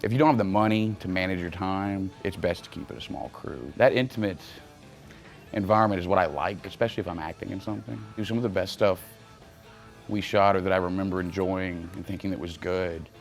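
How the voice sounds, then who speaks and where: Gravelly, deep-voiced wry actor. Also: male voice, fairly even intonation, a little fast, faint music behind. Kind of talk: documentary interview.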